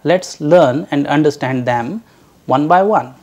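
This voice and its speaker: A language teacher giving a recorded lecture, drawing out each letter sound slowly and carefully for learners to repeat. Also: mid-range voice, a little mellow.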